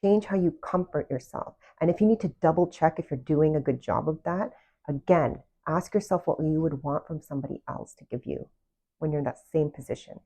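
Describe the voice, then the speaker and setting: A woman with a low voice gives casual self-love coaching straight to the listener. She talks earnestly and keeps putting direct questions to the people she is addressing. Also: brisk, warm tone. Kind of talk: casual motivational talk to camera.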